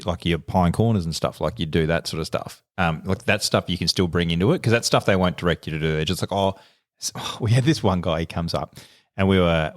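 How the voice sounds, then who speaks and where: A man's voice: sits low, dry recording, studio quality. An Australian man around forty co-hosting a podcast, chatting casually and telling laid-back stories with laughs mixed in. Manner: laid-back, laughs through his anecdotes. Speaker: podcast co-host. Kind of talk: casual chat, storytelling.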